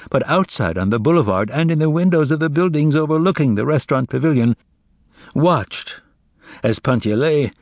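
Male audiobook narrator, lively expressive reading, dry close sound. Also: medium pitch, dry recording.

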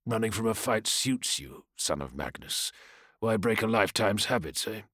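A man voicing a scarred, rage-filled male warrior with a low, scornful taunting delivery in an audiobook. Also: lively intonation, moderate pace, a bit bright, no echo, clean studio sound.

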